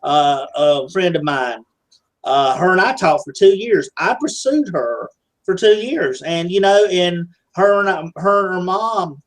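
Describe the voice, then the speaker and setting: A man's voice: high-pitched, a little slow, poor audio. A man chatting casually, reflective and loose, with lots of fillers. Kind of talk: casual chat.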